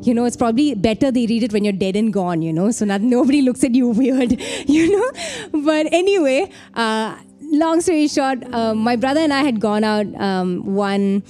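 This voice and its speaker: A woman's voice: a little high, animated, moderate pace, mellow, soft background music. A young woman from India telling a heartfelt personal story in a casual, chatty way, often saying "like" and "you know.". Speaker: storyteller sharing a personal testimony.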